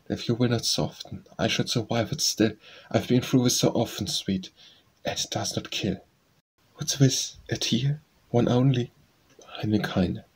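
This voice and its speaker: A man reading poems aloud as an audiobook narrator, in a slow, measured recitation with a husky voice. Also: on the low side, a little mellow. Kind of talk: scripted poetry reading.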